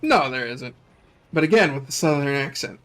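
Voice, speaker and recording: A man's voice: mid-range voice, lively intonation, moderate pace, a bit bright. A man chatting casually on a livestream, teasing and laughing often. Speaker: streamer.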